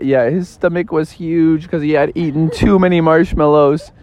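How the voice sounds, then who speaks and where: A man's voice: fairly high pitch, steady tone, normal speed, a little mellow, slight background noise. A young man improvising a silly story in a playful, rambling way, with fillers and tangents.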